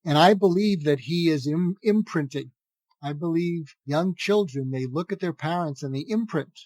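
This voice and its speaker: A man's voice: a little high, moderate pace, darkish tone, no room sound. An older man, a psychiatrist, giving advice in an earnest conversational way, often restarting his phrases and acting out sample dialogue. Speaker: psychiatrist guest. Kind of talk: conversational podcast interview.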